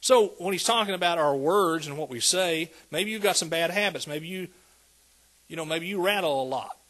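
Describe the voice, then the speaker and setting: Pastor guy preaching, kinda high voice, chatty, keeps asking the church stuff. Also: normal speed, a bit bright. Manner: preachy, conversational, calls out to the congregation. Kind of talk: sermon.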